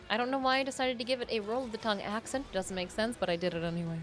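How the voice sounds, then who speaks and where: A woman's voice: a little high, racing, few pauses, a bit bright. Chatty woman streamer, faint music. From Michigan. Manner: chatty, playful, reads out chat names. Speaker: game streamer. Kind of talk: casual live-stream chat. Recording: faint game music behind.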